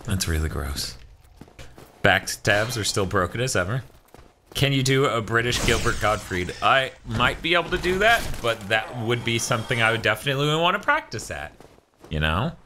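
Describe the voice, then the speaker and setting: A man's voice: mid-range voice, sing-song, moderate pace, sharp tone, slight background noise. A man co-hosting a casual gaming stream, reading viewer messages aloud and adding joking asides. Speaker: stream co-host reading chat.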